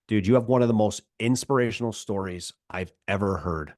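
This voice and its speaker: A man's voice: on the low side, fairly quick, few pauses, darkish tone, no room sound, clean studio sound. A man hosting a podcast, enthusiastic and upbeat as he welcomes and questions his guest. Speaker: podcast host. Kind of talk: casual podcast interview.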